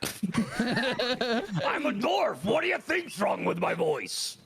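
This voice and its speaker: A man voicing a gruff male dwarf convict in a tabletop game, gravelly and puzzled. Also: extremely high pitch, big pitch swings, extremely slow, fairly bright tone, slight background noise, heavily acted.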